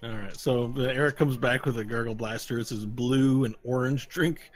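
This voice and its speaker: A man narrating a tabletop game as game master, casual and halting, with frequent restarts. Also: mid-range voice, faint music behind.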